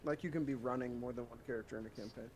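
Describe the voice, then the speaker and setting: A man's voice: mid-range voice, steady tone, very fast, darkish tone. A man playing in a streamed tabletop game, bantering casually and joking playfully. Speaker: player.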